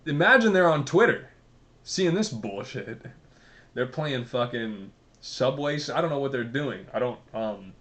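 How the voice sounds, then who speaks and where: A man's voice: mid-range voice, expressive, unhurried, fairly bright tone. A man giving casual, rambling commentary on a video, sarcastic and full of swearing. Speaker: commentary vlogger.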